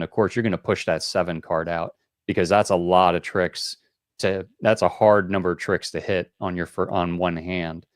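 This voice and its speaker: A man's voice: deep voice, dry recording, clean studio sound. A man hosting a board game call-in show, explaining rules in a rambling, casual way with many fillers.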